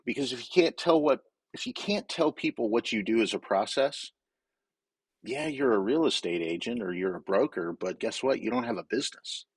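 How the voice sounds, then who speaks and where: Husky guy from wyoming, lowish voice, dry close mic, chatty and candid. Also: lively intonation, moderate pace, no room sound. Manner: candid, storytelling, many filler restarts. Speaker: guest. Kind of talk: casual interview talk.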